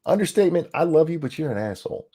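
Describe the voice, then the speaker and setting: A man co-hosting a casual podcast chat, animated and profane, tripping over words as he reads viewer comments aloud. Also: a little high, rapid-fire. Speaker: co-host.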